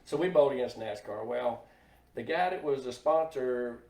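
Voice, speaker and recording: A middle-aged man, a guest on a podcast, telling plainspoken anecdotes in a laid-back, unhurried way. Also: medium pitch, a little mellow, distant mic. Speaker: guest, NASCAR team hauler driver. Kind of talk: casual storytelling in a podcast chat. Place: podcast table in a room. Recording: echoey room, voice a bit off-mic.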